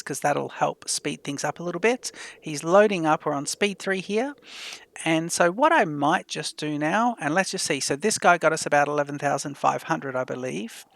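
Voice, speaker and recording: A man hosting a let's play, thinking aloud in a chatty, unhurried way as he plans his moves. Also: a little high, creaky, fairly bright tone. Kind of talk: casual gameplay commentary.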